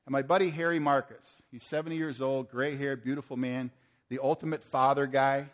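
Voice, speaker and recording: Male preacher, storytelling sermon, lively and conversational, mid-range voice. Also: mid-range voice, fairly quick. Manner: animated, acts out the people in his story. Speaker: preacher telling a story to men.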